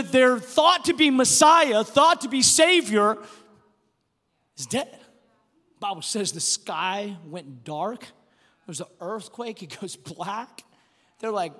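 A man preaching a sermon, swinging between loud bursts and quiet, hushed drops. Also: very high voice. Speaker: pastor. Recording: long hall reverb with faint music.

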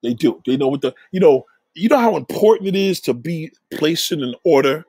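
A man's voice: on the high side, lively intonation, brisk, warm tone, breathy edge, no room sound. A man talking in a blunt, profane casual rant, often repeating himself.

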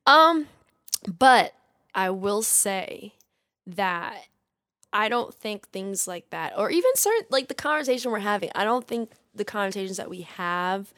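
A woman co-hosting a podcast in casual chat, speaking in a chill, monotone way. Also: mid-range voice, measured pace, no echo, clean studio sound. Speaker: podcast co-host.

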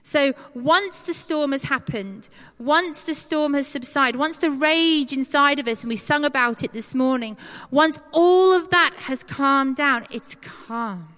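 A woman preaching a conversational, animated sermon, acting out quoted voices. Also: high voice, measured pace. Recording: long hall reverb.

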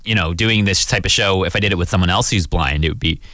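Male radio host, deep voice, dry close sound, thoughtful and halting. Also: pushed and bright, no room sound. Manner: thoughtful, hesitant, circles back to his point. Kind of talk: casual chat.

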